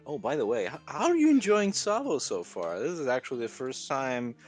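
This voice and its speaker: A man's voice: mid-range voice, very animated, a little fast, soft background music. A man chatting casually as a regular player, giving short reactions and laughing often. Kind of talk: casual chat.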